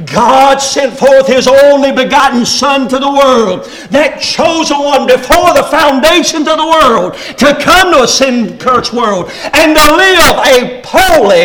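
A middle-aged man preaching a fervent sermon, rising to shouts on key phrases. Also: very high-pitched, poor audio. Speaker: pastor.

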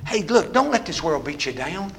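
A man preaching a sermon with call-and-response that builds into shouting. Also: fairly high pitch, very animated, normal speed.

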